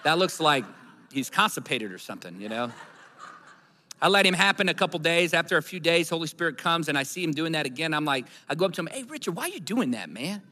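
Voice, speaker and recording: A man's voice: on the high side, lively intonation, fast talker, pushed and bright. A man preaching a sermon, telling a story and building to emphatic, repeated declarations. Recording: long hall reverb.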